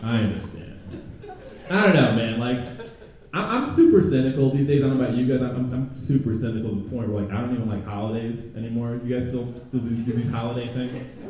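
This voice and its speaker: A young man performing a stand-up comedy set, chatting with the crowd and jumping into loud mocking voices. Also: mid-range voice, quick pace. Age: young adult. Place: comedy club stage before a live audience. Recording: very echoey room, from a distance.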